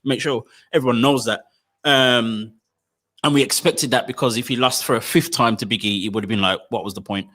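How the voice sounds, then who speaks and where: A man co-hosting a casual review chat, animated and slangy, often stammering as he restarts his sentences. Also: medium pitch, brisk. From United Kingdom. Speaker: podcast co-host.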